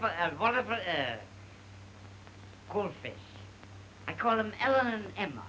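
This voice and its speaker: A man playing a rambling, sentimental comic storyteller in a 1930 film comedy sketch, halting and mock-tearful. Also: high-pitched, bright, forceful tone, slight background noise, exaggerated voice, rough recording.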